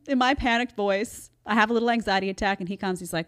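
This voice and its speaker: A woman's voice: on the high side, fast talker, hardly any pauses, a bit bright. Emphatic woman show host. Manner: emphatic, conversational, talks straight to viewers. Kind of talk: live commentary show.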